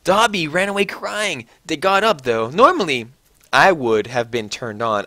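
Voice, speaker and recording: A man reading a story aloud with sarcastic, mock-dramatic flair. His voice sits a little high and bounces around a lot, and it sounds close and dry with no room around it. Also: big pitch swings, a little slow, bright, forceful tone, no echo. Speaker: reader.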